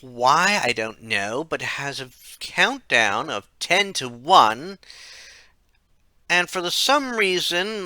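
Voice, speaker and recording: A man's voice: fairly high pitch, big pitch swings, slow pace, pushed and bright, dry recording. A man narrating a casual game retrospective, rambling, correcting himself and dropping wry asides. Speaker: game reviewer.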